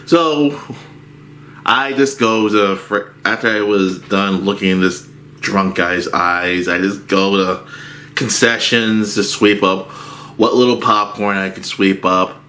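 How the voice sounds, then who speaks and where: A man's voice: on the low side, steady tone, takes it slowly, sharp tone, a little hiss or hum. A man telling a rambling story from his movie theater job as a casual rant, with frequent restarts.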